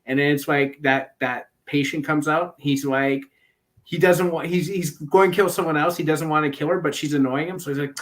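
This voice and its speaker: A man's voice: a little high, moderate pace. A man on a casual online panel, talking enthusiastically about a horror film series. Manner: enthusiastic, animated retelling. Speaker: guest panelist.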